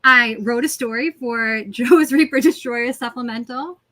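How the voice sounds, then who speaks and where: A woman's voice: fairly high pitch, a little slow, pushed and bright, dry recording. A woman with a Massachusetts accent chatting on a livestream panel, playful and self-deprecating. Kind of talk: casual livestream panel chat.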